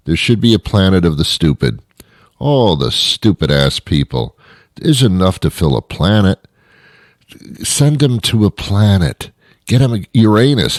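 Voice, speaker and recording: A man's voice: deep voice, no room sound. A man hosting a radio show, delivering a rambling comedic monologue with dry jokes and chuckles.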